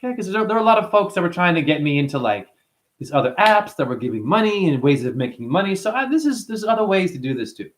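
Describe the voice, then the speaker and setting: A man ranting to his chat on a livestream, swearing a lot and rambling, swinging from loud outbursts to low muttering. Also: fast. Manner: profane, rambling, excitable, swings between shouting and muttering. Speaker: live streamer. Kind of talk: unscripted livestream rant to chat.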